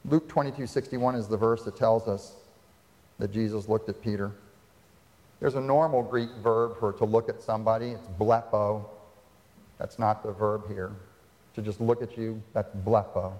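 A man's voice: lowish voice, steady tone, moderate pace, darkish tone. Man preaching in a reverberant hall. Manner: dramatic retelling with rhetorical questions. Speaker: pastor. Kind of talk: sermon. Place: church sanctuary.

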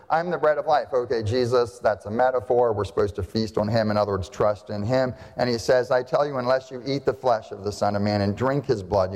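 A pastor delivering a sermon in a conversational style, often asking rhetorical questions and checking in with "right?". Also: male voice, medium pitch, a little mellow. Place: church sanctuary. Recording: long reverb of a church hall.

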